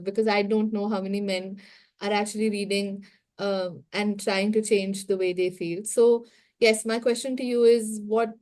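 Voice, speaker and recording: A woman moderating a book club discussion, thoughtful and measured. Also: mid-range voice, darkish tone.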